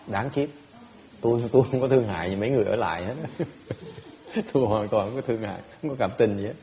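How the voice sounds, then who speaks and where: A man's voice: on the low side, very fast, dark tone, big-room sound. A man giving a Dharma talk as a Buddhist teacher, answering questions bluntly and teasingly, often laughing and repeating words.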